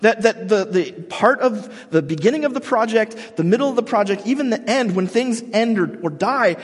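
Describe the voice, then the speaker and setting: A man's voice: high-pitched, lively intonation, normal speed, slightly rough. A man preaching a sermon in a casual, joking, storytelling way, as the pastor of the congregation. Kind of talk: conversational sermon. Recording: long hall reverb.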